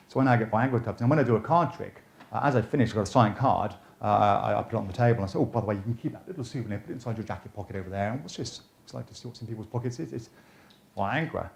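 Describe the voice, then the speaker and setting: A man's voice: lowish voice, gravelly, a little mellow. Guy giving a magic lecture, jokey, keeps restarting, roomy echo. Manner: chatty, jokey, with frequent restarts. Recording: echoey room.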